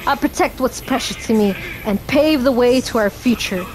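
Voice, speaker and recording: A man's voice: very high voice, normal speed, poor audio. An actor playing a determined young male fighter hero in a video game cutscene, speaking earnestly. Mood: resolute. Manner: earnest, resolute.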